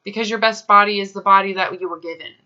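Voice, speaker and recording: A woman's voice: medium pitch, fairly even intonation, fast talker, bright, forceful tone, smooth, highs cut off. A woman coaching a client, talking bluntly and emphatically and swearing casually. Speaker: health coach. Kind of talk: coaching session.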